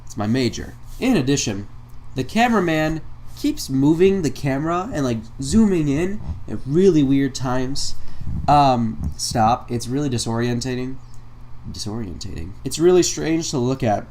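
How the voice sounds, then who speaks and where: A man's voice: medium pitch, sing-song, moderate pace, a little mellow, a little hiss or hum. A man giving comedic reaction commentary on a video, sarcastic and mock-exasperated, laughing between lines. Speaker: commentary YouTuber.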